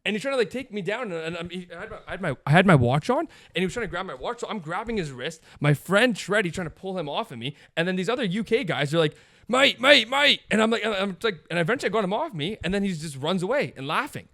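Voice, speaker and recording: A young man rattles off a rambling story in quick, tumbling bursts, pitched a little high for a man. He laughs as he goes. The recording is close and dry. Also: expressive, a bit bright, no room sound. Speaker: podcast co-host. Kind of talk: casual chat.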